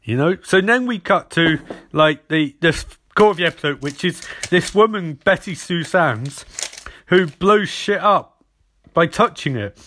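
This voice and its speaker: A young man recapping and reviewing a TV episode in a casual, animated way, swearing freely. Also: on the high side, unhurried.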